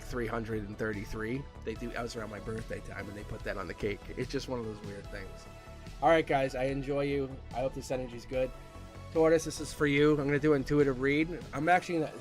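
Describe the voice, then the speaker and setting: A man's voice: fairly high pitch, fairly bright tone. Chatty man doing a tarot reading. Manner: chatty, upbeat, rambling with many fillers and laughs. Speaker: tarot reader. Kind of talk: live-stream tarot reading.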